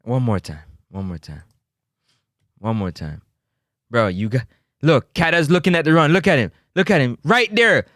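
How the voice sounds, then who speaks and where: A young football review host gives exasperated, pleading commentary over a match replay, repeating himself. His medium-pitched voice is expressive and a bit bright, at a moderate pace with frequent pauses, recorded in a clean studio with no room sound.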